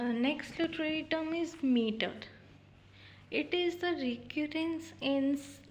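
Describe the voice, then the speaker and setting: A woman teaching an exam-prep lesson, reading definitions carefully from her notes with frequent pauses and "uh" fillers. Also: high voice. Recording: dull lo-fi recording.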